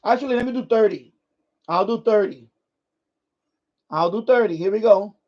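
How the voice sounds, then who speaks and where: Hosting a ham radio livestream, a man with a high voice speaks at a moderate pace while handling his gear. His casual demonstration rambles, with sentences restarted along the way. Audio quality is dull and lo-fi.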